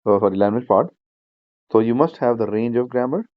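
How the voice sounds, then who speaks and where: A man teaching an online speaking-skills class, explaining each point slowly and repeating himself, with plenty of fillers like "you know". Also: mid-range voice, dry recording, dull audio. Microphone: shared screen video class.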